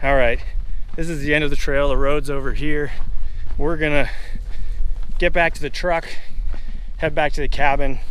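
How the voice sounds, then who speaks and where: A man's voice: fairly high pitch, steady tone, moderate pace, long pauses, slight background noise. A man hosting a casual vlog outdoors on a hiking trail, talking easily to the camera and to his dog. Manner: easygoing, chatty, talks to his dog. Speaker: vlog host, dog owner. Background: loud background music.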